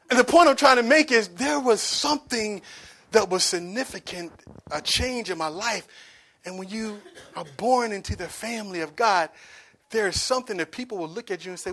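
A pastor in his forties preaches a sermon in a high-sitting, pushed, bright voice at a normal speed. He's emphatic, repeating phrases and putting call-and-response questions to the congregation so they answer back.

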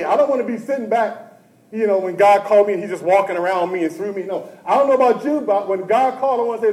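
Man preaching a sermon, high voice, dramatic, hushed to shouting, talks to the congregation. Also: quick pace, reverberant, rough recording. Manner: addresses the congregation directly and often. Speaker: pastor.

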